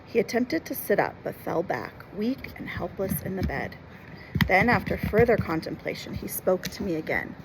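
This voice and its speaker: A woman reading a classic adventure novel aloud, expressively, pausing to explain words and events for children. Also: medium pitch, big pitch swings, noisy background. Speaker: storyteller and teacher.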